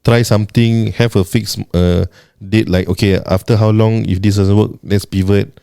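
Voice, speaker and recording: A man with a Malaysian accent giving calm, measured advice in a casual podcast chat. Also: lowish voice, gravelly, clear, resonant tone, no room sound, clean studio sound. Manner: calm, measured, frequent hums of agreement.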